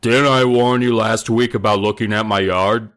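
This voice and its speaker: A man's voice: on the low side, fairly even intonation, moderate pace, fairly bright tone, pitched above the performer's own voice, natural voice. A man voicing a threatening bully boy from next door, in a storybook reading. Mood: menacing.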